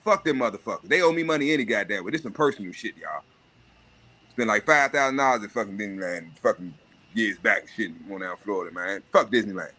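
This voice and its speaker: Brief: adult man, livestream host, blunt and animated, punchy bright tone. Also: fairly low pitch, fast. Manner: profane, animated rant with mocking put-on voices. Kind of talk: casual monologue.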